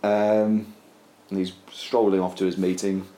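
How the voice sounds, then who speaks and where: Deep-voiced man rambling through a comic tale. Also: a little slow, slight background noise. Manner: rambling, deadpan, many fillers. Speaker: storyteller. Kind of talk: casual comic storytelling. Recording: roomy echo, faint ambience.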